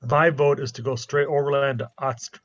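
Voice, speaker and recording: A man's voice: medium pitch, fairly even intonation, normal speed, dull audio. A man playing a tabletop game, talking casually and stumbling over place names. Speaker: player.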